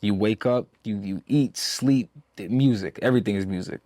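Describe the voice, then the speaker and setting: Young man from Zambia, interview guest, low-ish voice, dry close mic, emphatic and repetitive. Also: normal speed, warm tone, no room sound. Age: 20s. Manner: emphatic, repeats himself, many "you know"s. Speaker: musician guest. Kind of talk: casual interview.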